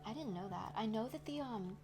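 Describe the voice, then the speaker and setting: A woman's voice: a little high, expressive, fairly quick. A young adult woman streaming, chatting casually with her viewers while she crafts, reacting to their comments and laughing often. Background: background music.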